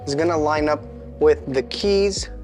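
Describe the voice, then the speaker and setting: Here the same kind of home mechanic host narrates a repair in a casual, self-deprecating way, talking to himself as he goes. He sounds on the high side, a little mellow, and somewhat slow, with faint music underneath.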